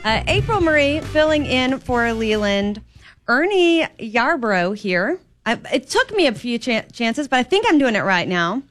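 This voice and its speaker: A woman's voice: fairly high pitch, sing-song, a little slow, a bit bright, soft background music. Chatty woman radio host. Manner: chatty, hesitant with many fillers. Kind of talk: casual radio interview.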